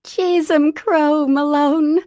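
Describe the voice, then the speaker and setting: A woman voicing a flustered, tearful young woman in love, speaking high and breathless. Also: fairly even intonation, very slow, mellow, no room sound, clean studio sound.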